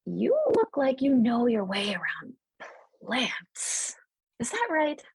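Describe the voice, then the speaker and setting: A woman's voice: a little high, huge pitch swings, takes it slowly, vocal fry, a little mellow, slightly rough, no echo, voice pushed up, heavily acted, poor audio. A woman doing a fussy older sky elf painter. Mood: curious. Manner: fretful, gushing exclamations.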